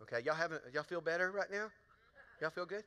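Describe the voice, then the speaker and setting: A little high, fast, and smooth, this man's voice has a bright, forceful tone. He's a pastor preaching to his congregation with folksy tales and questions, recorded in a large church auditorium with long hall reverb.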